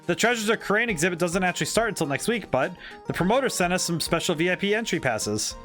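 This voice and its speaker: A man's voice: sits high, big pitch swings, fast, fairly bright tone, soft background music. A man voicing a bubbly, teasing young woman in video game dialogue. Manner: teasing, upbeat.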